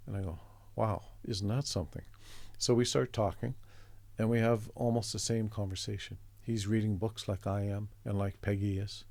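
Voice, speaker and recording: Gravelly low-voiced man telling a story. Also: little pitch movement, moderate pace, a little mellow, dry recording. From Canada. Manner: reflective, meandering anecdotes with restarts. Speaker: interview guest, artist. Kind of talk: conversational storytelling.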